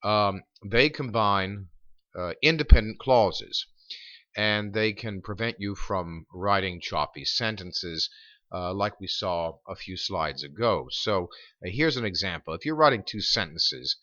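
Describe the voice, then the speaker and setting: A man, a writing instructor, explaining over slides in a recorded lecture, pausing often with ums and uhs. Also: low-pitched, animated, pushed and bright, no room sound, dull audio.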